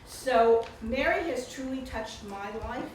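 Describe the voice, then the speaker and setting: An older woman with a slightly high, unhurried voice gives a casual spoken introduction of the author at a book reception. She's warm, chatty, and laughs often, while the indoor room's audio is echoey, noisy, and captured from a distance.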